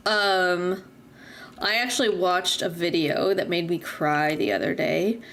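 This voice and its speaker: A woman's voice: fairly low pitch, fairly even intonation, measured pace, vocal fry, fairly bright tone, slight background noise. Chatty young woman telling a rambling story. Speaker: streamer. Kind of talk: casual chat while gaming.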